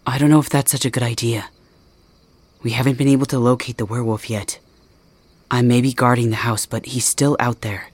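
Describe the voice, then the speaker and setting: A man playing a husky, stern porch guard. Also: mid-range voice, flat delivery, fairly quick, no room sound, natural voice. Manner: firm, scolding, speaks to listener directly. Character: stern young male porch guard, gruff but giving. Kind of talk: ASMR role-play.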